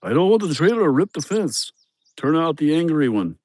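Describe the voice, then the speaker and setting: A man voicing a scared young male ranch worker who speaks broken English in a high, halting voice. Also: expressive, a little mellow, lightly acted. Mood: scared, squeaky.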